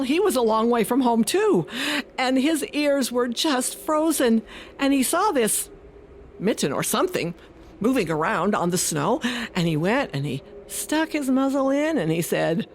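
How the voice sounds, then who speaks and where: Expressive, sing-song woman storyteller. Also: fairly high pitch, slight background noise. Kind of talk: folk tale storytelling.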